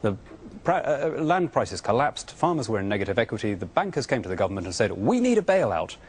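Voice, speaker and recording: A man's voice: fairly low pitch, lively intonation, fast, slightly rough. A British man as a politician guest on a TV interview, arguing his views earnestly and often stammering through restarts. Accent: British English. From Britain. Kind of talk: remote TV interview answers.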